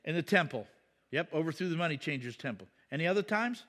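Animated man preaching to a congregation. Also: on the high side, fast talker. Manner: conversational preaching with questions to the congregation. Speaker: pastor. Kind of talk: sermon.

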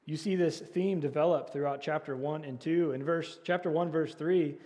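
A man's voice: a little high, steady tone, moderate pace, dark tone. Preaching man in a reverberant hall. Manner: earnest preaching with repeated key phrases; leads call and response with the congregation. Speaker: pastor. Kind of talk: sermon.

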